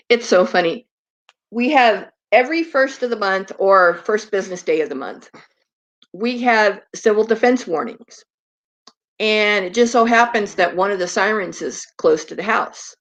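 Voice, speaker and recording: A woman's voice: medium pitch, animated, normal speed, a bit bright. A woman hosting a casual live stream in a chatty, rambling way, slipping into baby talk with her dog.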